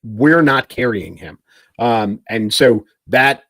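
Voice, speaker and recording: A man's voice: medium pitch, animated, slow, fairly bright tone, no echo. A man co-hosting a political talk show, explaining points emphatically.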